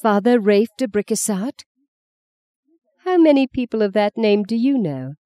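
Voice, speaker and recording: Blunt, ironic old mother voiced by a woman narrator, knowing and pointed; dark, dry tone. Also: mid-range voice, unhurried, dry recording, voice pushed up, lightly acted. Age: older.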